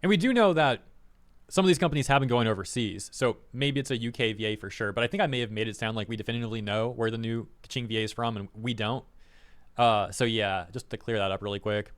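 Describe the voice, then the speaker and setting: A man's voice: mid-range voice, quick pace. A man giving casual reaction commentary as a streamer, rambling and exasperated, with lots of "like" fillers.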